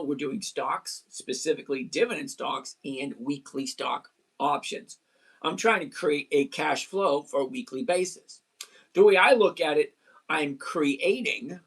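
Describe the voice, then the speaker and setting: Hoarse man chatting through a livestream. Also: on the high side, fairly bright tone. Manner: chatty, greets viewers, explains step by step. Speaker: livestream host. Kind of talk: casual livestream about trading.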